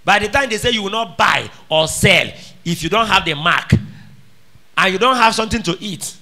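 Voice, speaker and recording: A man preaching with a bright, high voice that leaps up and down as he drives his points home. He fires repeated questions at the congregation and swings from shouted lines to quiet ones. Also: animated, moderate pace. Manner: emphatic, calls out questions to the congregation. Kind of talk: sermon.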